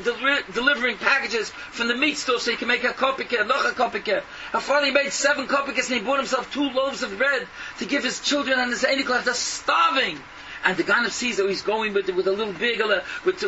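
A man preaching an impassioned sermon, scolding and firing rhetorical questions with bursts of shouting. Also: extremely high pitch. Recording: distant, dull lo-fi, noisy.

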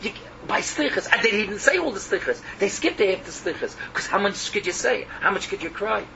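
A man's voice: high-pitched, very animated, fairly quick, gravelly, pushed and bright. A man preaching in English mixed with Yiddish and Hebrew terms, emotional and repetitive, swinging between cries and murmurs. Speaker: rabbi. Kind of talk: Yiddish-laced sermon. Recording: muffled lo-fi recording with background noise.

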